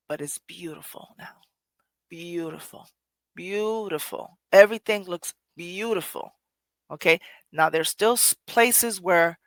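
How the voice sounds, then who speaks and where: A host talks through a personal reflection in an earnest, loose way, backing up and restarting phrases and letting a curse slip now and then. The voice sits at a middling pitch and is recorded close and dry, with no room sound. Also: a bit bright, no room sound. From Puerto Rico. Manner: earnest, conversational, often restarts phrases, swears casually. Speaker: podcast host.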